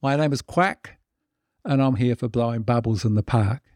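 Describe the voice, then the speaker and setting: A man's voice: mid-range voice, normal speed, a little mellow, dry recording, clean studio sound, close to an everyday voice. A man voicing a matter-of-fact male duck standing before a judge in a joke. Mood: deadpan. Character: cheeky male duck in court.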